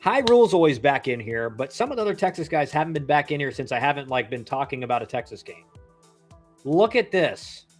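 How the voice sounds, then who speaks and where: A man's voice: medium pitch, sing-song, fairly quick, soft background music. A man in his thirties, a former pro ballplayer, casually commenting on a live game, chatty and rambling with slangy asides. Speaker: livestream baseball commentator, former pro player.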